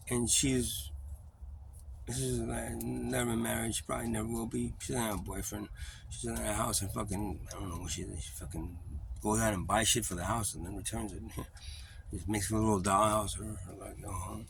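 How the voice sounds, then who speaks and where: A man's voice: on the low side, steady tone, vocal fry, slight background noise. Profane, rambling man venting. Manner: rambling, profane, halting with fillers. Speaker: vlogger. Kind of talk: confessional vlog monologue.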